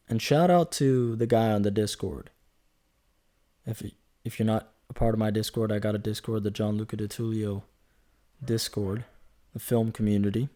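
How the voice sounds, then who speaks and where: Hosting a solo podcast, a twenty-something man with a lowish, warm voice keeps things casual and chatty. He rambles, cracks jokes, and corrects himself along the way.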